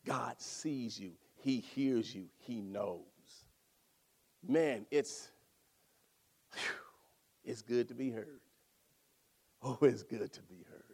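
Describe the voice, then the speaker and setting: A man preaching a sermon, swinging from loud exclaiming to hushed near-whispers. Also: medium pitch.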